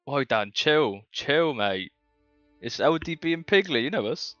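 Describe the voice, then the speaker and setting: A player's voice, bright and forceful, excitable and prone to swearing. The recording is dry and a little dull, with faint music behind. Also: male voice, fairly high pitch, a little slow, dry recording. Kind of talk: playing a tabletop game.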